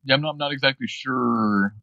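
A man co-hosting a podcast in casual chat, halting and restarting his sentences, laughing easily. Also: mid-range voice, gravelly, sharp tone, no room sound, muffled recording. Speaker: podcast co-host.

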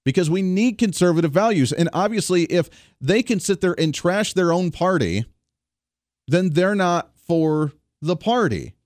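A man hosting a talk radio show, giving an emphatic, animated political commentary monologue on a studio microphone. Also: high voice, a little slow, no echo.

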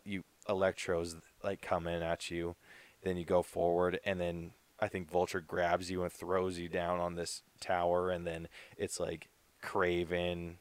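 A man's voice: deep voice, dry recording. A man co-hosting a podcast in casual chat, laid-back and loose, full of filler words. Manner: laid-back, lots of "like" and "dude". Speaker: podcast co-host.

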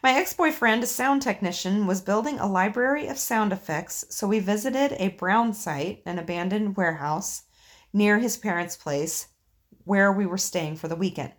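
A woman reading listener ghost stories on a podcast in a relaxed, chatty way. She swears offhandedly and laughs easily with her co-host. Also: mid-range voice, normal speed. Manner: swears casually, laughs often. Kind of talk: casual podcast chat and story reading.

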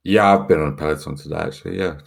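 A man's voice: rumbling low, fairly even intonation, fast talker, gravelly. A man co-hosting a podcast in casual chat, laid-back and easily amused. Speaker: podcast co-host.

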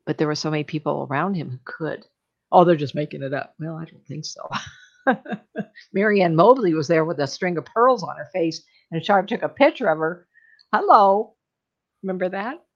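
A woman's voice: fairly low pitch, animated, moderate pace, muffled recording. A middle-aged woman, a psychic medium, telling stories in casual chat, laughing often and acting out voices.

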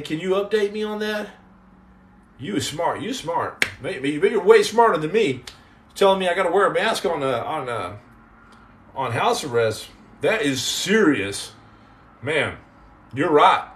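A man hosting a podcast live stream, casually chatting and joking sarcastically with viewers in the comments. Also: high-pitched. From United States. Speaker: podcast host.

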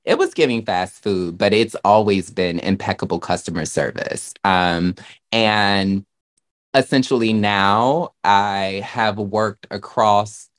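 A man from Virginia co-hosting a casual chat, talking in a sassy, campy way with drawn-out delivery. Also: on the low side. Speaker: podcast co-host.

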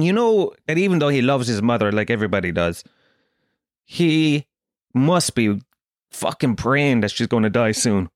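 A man from Tralee with a Kerry Irish accent, ranting through a sweary comic monologue with sudden jumps up in pitch. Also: moderate pace, dry recording, clean studio sound. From Ireland, Tralee. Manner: swears a lot, animated rants with bursts of high pitch. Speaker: comedian. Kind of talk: stand-up style comic monologue.

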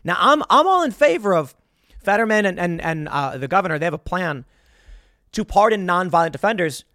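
A man's voice: high-pitched, big pitch swings, a little fast, sharp tone, no echo, studio quality. A man giving a sarcastic, exasperated political commentary monologue.

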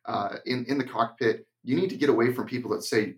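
A young adult man co-hosting an aviation podcast and sharing his view as a flight instructor, blunt and emphatic in casual chat. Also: mid-range voice. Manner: blunt, emphatic, slips into a deliberate monotone when acting out cockpit instructions.

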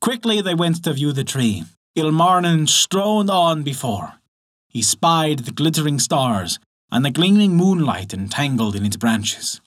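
A man narrating a folktale for a storytelling podcast, measured and dramatic. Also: a little high. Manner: expressive, measured, dramatic pauses.

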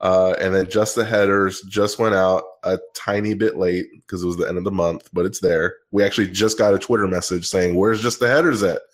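A man's voice: low-pitched, steady tone, fairly quick, hardly any pauses. A man co-hosting a podcast, giving a breezy rundown in casual chat. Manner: breezy, rundown-style listing. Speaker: podcast co-host.

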